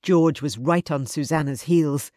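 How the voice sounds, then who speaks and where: A woman's voice: sits low, a little slow, warm tone, no room sound. Female audiobook narrator, dry sound. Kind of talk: scripted narration.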